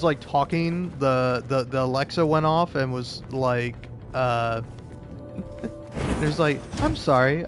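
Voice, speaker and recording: A young man with a somewhat high voice tells a meandering personal story while playing a video game. He trips over his words, restarts often, laughs and curses casually. Game music plays clearly behind him. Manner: rambling, self-interrupting, laughs often, swears. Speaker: gaming video creator.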